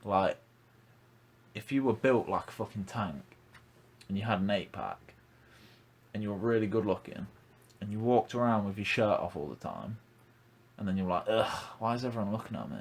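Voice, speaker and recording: A man's voice: lowish voice, expressive, normal speed, long pauses, breathy edge. A young man hosting a casual podcast, blunt and ranting, swearing freely. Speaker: podcast host.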